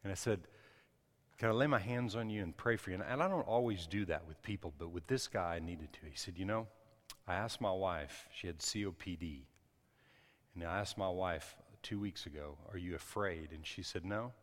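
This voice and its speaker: A man's voice: deep voice, moderate pace, big-room sound. A man preaching a sermon, telling a personal story in a loose, conversational way with frequent restarts and asides. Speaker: pastor.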